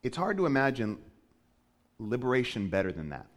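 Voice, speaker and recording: A male pastor preaching a sermon with animated storytelling, often slipping into quoted voices. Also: mid-range voice, fairly quick.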